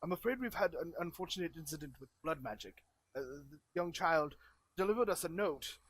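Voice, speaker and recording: A fussy, formal old wizard, played by a man at a tabletop game, his voice sitting a little high. He talks in a stiff, courtly way and keeps stalling and restarting mid-sentence. It's an everyday voice, with nothing much put on. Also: expressive, dry recording. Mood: grave. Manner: stiff, formal and hesitant, halting. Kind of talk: tabletop role-play in character.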